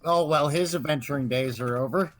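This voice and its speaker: A man's voice: a little high, fairly quick, fairly bright tone, rough recording. A man playing in a tabletop game, teasing and joking with the others. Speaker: player. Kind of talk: casual tabletop game chat.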